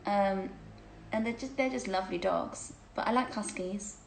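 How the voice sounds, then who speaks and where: A woman's voice: mid-range voice, normal speed, vocal fry, echoey room, a little hiss or hum, rough recording. A woman hosting a casual livestreamed chat, reading out viewer questions, gushing and chatty and laughing often.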